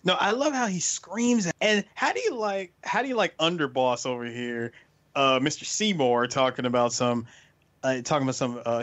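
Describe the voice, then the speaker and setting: A man in casual chat, recapping a show and acting out its lines with big jumps in pitch. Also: moderate pace. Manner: animated, acts out lines with big pitch swings.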